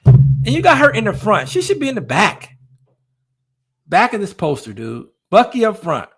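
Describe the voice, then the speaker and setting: A man's voice: high voice, wildly swooping pitch, normal speed, husky. A man ranting in a casual podcast chat, exasperated, filling his lines with "dude" and "man".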